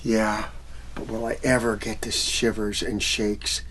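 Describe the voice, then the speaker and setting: A man voicing a fearless, bored young man with a drawling, laid-back slacker delivery, a bit lower than his narration. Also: level tone, unhurried, fairly bright tone, a little hiss or hum.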